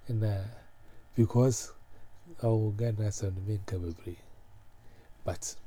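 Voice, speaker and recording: A man with a Ghanaian accent in a rambling, animated casual chat. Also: on the low side, takes it slowly, breathy edge. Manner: rambling, animated, full of fillers. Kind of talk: casual chat mixing pidgin and Twi.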